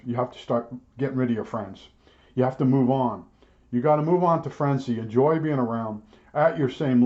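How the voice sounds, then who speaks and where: A man's voice: medium pitch, darkish tone. Blunt older man ranting on a dull recording. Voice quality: blunt, grumbling, repeats himself with frequent restarts. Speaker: electronics repairman vlogger. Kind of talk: rambling storytelling rant.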